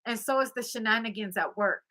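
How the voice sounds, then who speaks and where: A woman's voice: a little high, fairly quick, bright, forceful tone. A woman tarot reader casually retelling a story, chatty, often checking in with 'okay?' and acting out the quotes.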